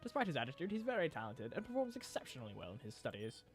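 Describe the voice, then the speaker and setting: Man voicing a kindly old professor, measured, reassuring, lively pitch, game voice. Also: faint music behind. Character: kindly older male professor, calm mentor.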